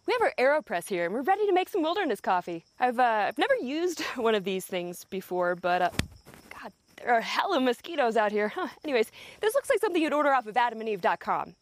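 A woman's voice: on the high side, big pitch swings, fast talker. A young woman hosting a scripted comedy vlog outdoors in the countryside, talking in a profane, sarcastic and exasperated way. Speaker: comedy video host.

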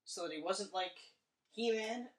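A woman co-hosting a casual movie chat, critiquing films in a blunt, animated way with plenty of swearing. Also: mid-range voice, a little slow. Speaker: podcast co-host. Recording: roomy, distant mic.

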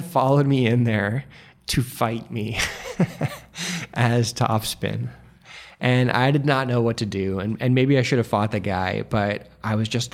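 A man's voice: mid-range voice, unhurried, gravelly. A man in his twenties telling a wry personal story on stage, rambling with "like". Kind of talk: live storytelling.

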